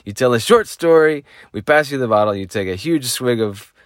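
A man voicing a jovial Ukrainian man at a campfire, with a Ukrainian accent and a booming, high-pitched put-on voice. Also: expressive, brisk, no room sound, clean studio sound, natural voice. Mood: boisterous.

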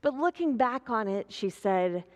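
A woman preaching a sermon, with a slow, gentle way of telling stories. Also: fairly high pitch, expressive, big-room sound.

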